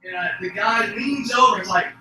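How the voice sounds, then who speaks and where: A young man doing open mic stand-up, rambling through stories and breaking into shouted outbursts. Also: sits high, brisk, faint music behind. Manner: rambling storytelling that bursts into shouted outbursts and laughs at his own jokes. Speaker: stand-up comedian. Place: small comedy venue. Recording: echoey venue recorded from far off.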